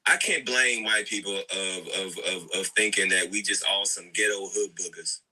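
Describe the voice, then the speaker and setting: A man's voice: low voice, normal speed, pushed and bright, poor audio. A man co-hosting a livestream reaction, talking earnestly and lecturing, often repeating himself. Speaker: co-host. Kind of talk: casual reaction commentary.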